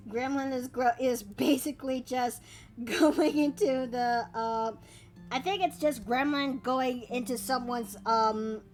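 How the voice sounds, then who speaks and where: High-voiced chatty woman streamer. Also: slow pace, faint music behind. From Canada. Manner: chatty, thinks aloud, with gasps and playful asides. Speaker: streamer and artist. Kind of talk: casual chat while drawing live.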